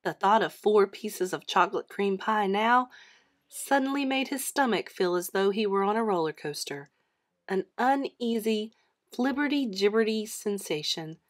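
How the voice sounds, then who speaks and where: A woman reading a children's chapter book aloud with an expressive storytelling manner. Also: mid-range voice, normal speed.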